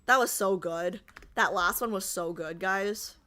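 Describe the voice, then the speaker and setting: A woman's voice: medium pitch, measured pace, bright, forceful tone. A woman streamer in casual livestream chat, joking and reading out and answering her chat. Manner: chatty, jokey, reads and answers chat aloud.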